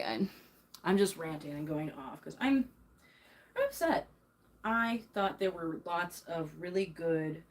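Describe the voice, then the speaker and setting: Here a young streamer rants angrily on a livestream as she handles laundry in her bedroom. Her lowish voice is heated and emphatic, punctuated by nervous laughter, and the recording is rough.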